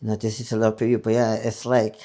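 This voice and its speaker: A man's voice: lowish voice, completely flat delivery, fast, dark tone. Swearing, Spanish-mixing man telling stories. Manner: profane, mixes Spanish into English. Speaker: podcast co-host. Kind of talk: casual storytelling chat.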